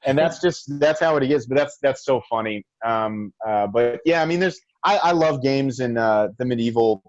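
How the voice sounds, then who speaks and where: A man's voice: medium pitch, normal speed, dry recording, lo-fi sound. A young man hosting a casual podcast chat, rambling enthusiastically with many restarts. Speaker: podcast host.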